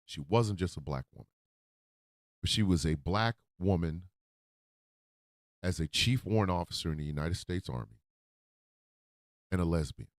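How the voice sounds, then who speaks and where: A man hosting a radio show, talking from the heart in a profane, emotional monologue that swings into loud outbursts. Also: sits low, animated, normal speed, pauses often, no room sound, clean studio sound. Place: radio studio.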